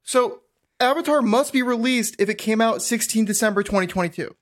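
A woman's voice: fairly high pitch, fairly quick. A woman co-host reading the user's side of a chat log on a comedy podcast, incredulous and patient. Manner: incredulous, patient, breaks into laughter.

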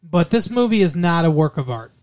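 A man's voice: on the high side, big pitch swings, a little mellow. Rambling jokey male podcast co-host. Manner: rambling, jokey, does quick impressions. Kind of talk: casual movie review chat.

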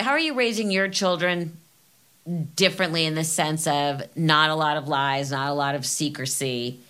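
Lively lower-voiced woman host. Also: smooth. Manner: animated storyteller, laughs often. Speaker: podcast host. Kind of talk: casual chat.

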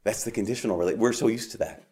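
A man preaching a homily at Mass in a conversational way, with frequent "like" and restarts, rising for emphasis and dropping soft on key lines. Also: fairly low pitch, racing.

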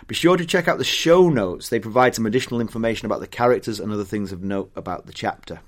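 A man's voice: on the low side, fast talker. A man from Britain co-hosting a book podcast in casual, self-deprecating chat. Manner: chatty, self-deprecating, laughs often. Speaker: podcast co-host.

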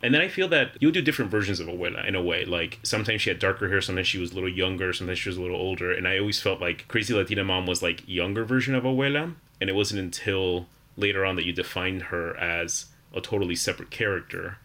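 A man's voice: low-pitched, fast, hardly any pauses, pushed and bright. A man from Florida, co-hosting a casual podcast conversation, reminiscing in a chatty way.

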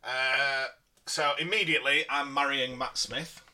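A man's voice: mid-range voice, fairly even intonation, a little slow, pushed and bright. A man co-hosting a podcast in casual chat, playful and fond of spinning comic scenarios. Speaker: podcast co-host.

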